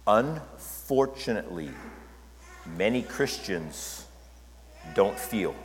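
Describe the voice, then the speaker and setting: A man's voice: lowish voice, animated, takes it slowly, a little hiss or hum. A male pastor preaching a sermon in a conversational way, often checking in with his listeners. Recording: long hall reverb.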